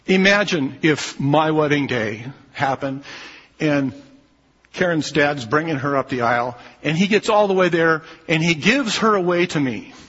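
A man's voice: a little high, expressive, unhurried, a bit bright, slightly rough. A man preaching a sermon, emphatic, often checking in with his listeners with "okay?". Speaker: pastor. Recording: muffled sound with long hall reverb.

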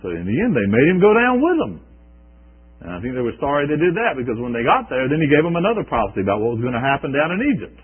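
A man preaching a sermon, retelling scripture in a conversational way with halting restarts. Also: a little high, sing-song, slightly rough. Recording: tinny phone-like recording.

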